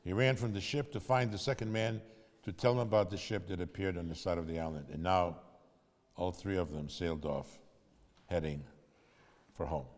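A man's voice: low-pitched, normal speed, big-room sound. A man preaching in storytelling style, conversational and asking his audience questions. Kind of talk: sermon storytelling.

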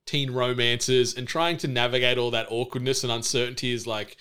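Bright, crisp-voiced man recapping eagerly. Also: medium pitch, steady tone, a little fast. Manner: enthusiastic recapping with fillers. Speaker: podcast co-host. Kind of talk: casual chat.

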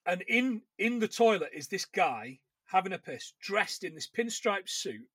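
A man with a high, bright voice tells stories in loose, rambling podcast chat. He often breaks off and restarts his sentences. The sound is dry and close, with no room around it. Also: big pitch swings, a little slow, slightly rough, dry recording. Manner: chatty storyteller, rambling with restarts and laughs. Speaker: podcast co-host. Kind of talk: casual chat about films.

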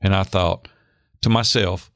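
A middle-aged man telling a personal story in an interview, lively, acting out the voices of the people in it. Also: deep voice, a little slow, no room sound. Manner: animated, acts out quoted voices. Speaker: guest. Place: Hendersonville near Nashville.

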